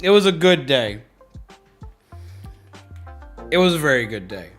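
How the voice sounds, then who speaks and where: A man hosting a casual livestream, chatty and excitable, greeting viewers and repeating himself. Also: a little high, fast talker. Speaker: livestream host. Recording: faint background music.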